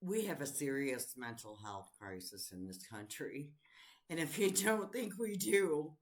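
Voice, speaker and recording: A woman's voice: sits low, expressive, a little slow. A woman commentating on clips in a blunt, sarcastic way. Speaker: reaction commentator. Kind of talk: reaction video commentary.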